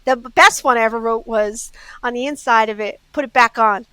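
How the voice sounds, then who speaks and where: Woman with a Southern US accent, bright, crisp and close-miked, telling anecdotes on a podcast. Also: on the high side, fairly quick, no echo, poor audio. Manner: lively anecdotes, acts out customers' quotes. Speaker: jewelry store owner, guest. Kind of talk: casual storytelling.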